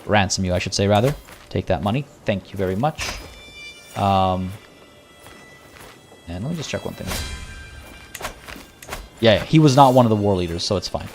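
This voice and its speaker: A man's voice: on the low side, animated, moderate pace, vocal fry, long pauses, a little mellow, faint music behind. A man casually talking through a strategy game on a live stream, chatty and wry, with mock-villainous asides. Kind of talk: casual live gameplay commentary.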